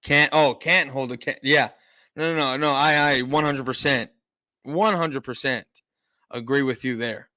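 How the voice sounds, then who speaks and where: Heated, bright-voiced sports host. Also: male voice, medium pitch, measured pace, dry recording. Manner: heated, emphatic, repeats himself. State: out of breath. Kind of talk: live-stream sports rant.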